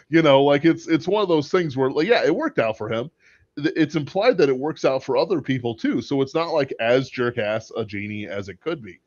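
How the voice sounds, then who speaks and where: A man's voice: mid-range voice, dry recording. A man hosting a casual livestream chat about a movie, talking in a rambling, hesitant way with many filler words. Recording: dull, dry lo-fi audio.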